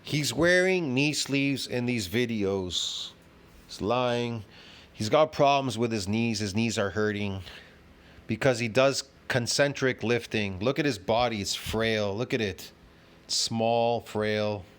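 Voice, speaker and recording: A fitness commentator in his fifties reacts to a video, rambling, swearing, arguing and lecturing, and often asking whether you get it. He speaks slowly at a medium pitch with a slightly bright tone.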